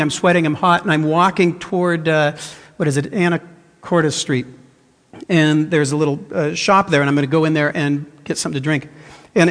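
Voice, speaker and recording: A man preaching as pastor, his fairly high voice carrying an earnest, searching tone. He tells a personal story, often restarting his sentences. The sound rings with the long reverb of a church hall. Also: a bit bright. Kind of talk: sermon.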